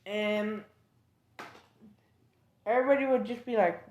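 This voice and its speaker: A woman's voice: medium pitch, a little slow. A woman improvising a fan-fiction story aloud, hesitant with many fillers and restarts.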